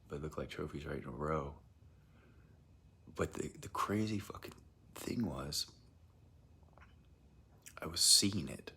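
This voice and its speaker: A man's voice: very deep voice, creaky, pushed and bright, slightly rough. A man telling a strange personal experience in a rambling, hesitant way, often dropping into a whisper. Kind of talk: casual first-person account.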